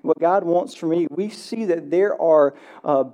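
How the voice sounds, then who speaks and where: A pastor preaching a sermon in a church. He tells stories with lively acted-out dialogue and drops to a hushed, slow voice in prayer. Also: a little high. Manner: animated storytelling, acts out movie dialogue. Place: church sanctuary.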